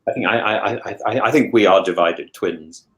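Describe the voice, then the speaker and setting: A man's voice: fairly low pitch, normal speed, fairly bright tone. A man in casual chat on a show he regularly joins, talking in a thoughtful, musing way with many restarts and stammered repeats. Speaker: regular guest.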